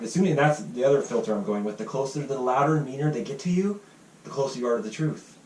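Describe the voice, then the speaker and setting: A man talks fast and heatedly on a casual podcast. He is a little distant from the mic, and the room echoes. Faint ambience sits behind him. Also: medium pitch, animated, darkish tone, slight background noise. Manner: fast, heated storytelling with quoted voices and swearing. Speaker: podcast host.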